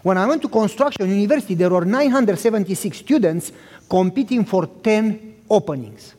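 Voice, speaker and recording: A man with an accent preaching a storytelling sermon, animated and addressing the listeners directly. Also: sits high, fairly quick. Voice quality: accented speech. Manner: animated, acts out dialogue, talks directly to the listeners. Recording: reverberant hall.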